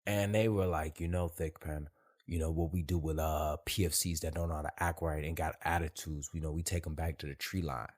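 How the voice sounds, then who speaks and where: A man with a low, husky voice telling stories in a loose, profane monologue full of street slang. He talks casually and gets animated. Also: brisk. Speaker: host.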